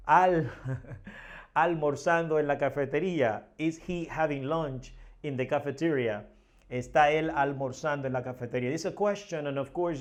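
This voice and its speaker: A man, a Spanish native speaker, teaching a language lesson in English, explaining step by step and often repeating words and checking with "right?". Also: fairly high pitch.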